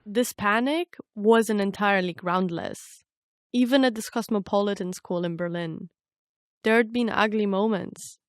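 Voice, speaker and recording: A young Romanian-born woman, a native Romanian speaker, reads scripted documentary narration about her own life in a reflective, personal way. Working as a narrator and reporter, she speaks at a measured pace in a mid-range voice. The close recording is entirely dry, with no room sound.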